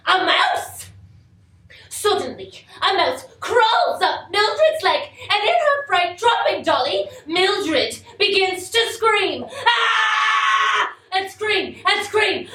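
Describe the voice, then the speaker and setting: An actress playing a brave, cheerful middle-aged woman trapped in a mound, on a live theatre stage, swinging between loud outbursts and hushed whispers. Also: very high voice, big pitch swings, takes it slowly, exaggerated voice. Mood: storytelling. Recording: echoey live theatre recording.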